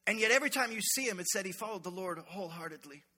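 A male pastor preaches with a very high voice and a tense, cutting brightness, full of playful energy and call-outs to the congregation. The sermon rings through a church sanctuary with a long, trailing reverb. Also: expressive, racing, slightly rough.

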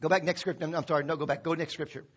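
High-voiced pastor preaching to a congregation. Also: male voice, steady tone, very fast, a bit bright, breathy edge. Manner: informal, calls on congregation to repeat words. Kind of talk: sermon. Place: church sanctuary.

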